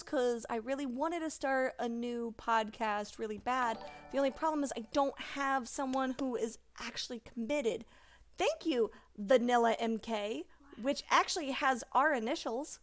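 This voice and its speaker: Woman, 30s, high voice, lively chatty co-host who slips into character voices for stories. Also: unhurried. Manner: animated, acts out quoted exchanges in character voices. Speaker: podcast co-host. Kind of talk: casual chat.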